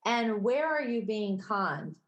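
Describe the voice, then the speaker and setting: A woman with a Midwestern accent co-hosting a podcast in casual chat, conversational and quick to laugh. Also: on the high side, lively intonation. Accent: Midwestern American. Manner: conversational, laughs easily, self-correcting. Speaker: podcast co-host. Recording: roomy echo.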